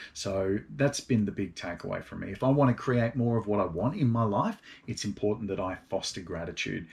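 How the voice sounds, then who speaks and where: A man's voice: fairly low pitch, a little mellow. A middle-aged man, a yoga teacher giving a casual, meandering talk full of ums and uhs. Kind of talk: casual spoken talk on gratitude.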